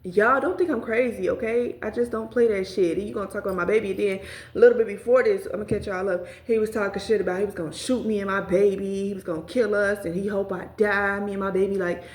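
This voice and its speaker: Young woman, casual storytime vlogger, profane and chatty, mid pitch, echoey room. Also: quick pace. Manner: profane, animated, talks straight to viewers. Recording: roomy echo.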